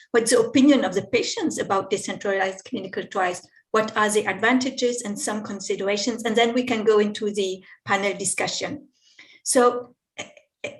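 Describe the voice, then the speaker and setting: A woman presents at an online conference, laying out her points in order. She speaks formally and fluently, in a slightly high voice. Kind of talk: prepared presentation. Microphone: video call.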